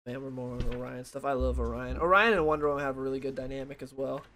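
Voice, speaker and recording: A tired young man reviews a comic book late at night, rambling casually, losing his train of thought, and filling gaps with "like" and "uh." His medium-pitched voice is fairly even, quick, bright and forceful, with slight background noise.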